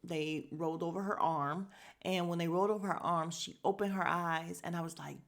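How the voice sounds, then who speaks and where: Woman, podcast host, casual recap, low voice, animated storytelling, blunt swearing. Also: fairly quick. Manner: animated storyteller, acts out quotes and laughs.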